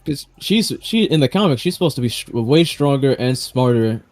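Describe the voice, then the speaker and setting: A man with a medium-pitched, slightly mellow, animated voice speaks at normal speed while hosting a stream. In casual chat he rambles about comic films, restarting often and swearing a lot.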